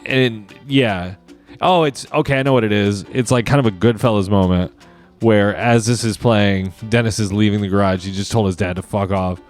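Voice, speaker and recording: A man's voice: lowish voice, fairly even intonation, moderate pace, faint music behind. Rambling, profane man on a podcast. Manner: rambling, profane, improvising a plot aloud. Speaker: podcast host. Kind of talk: casual comedic riffing.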